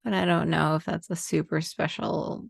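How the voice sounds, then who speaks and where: Woman, podcast co-host, laid-back casual chat, lowish pitch, vocal fry. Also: level tone, normal speed, dry recording.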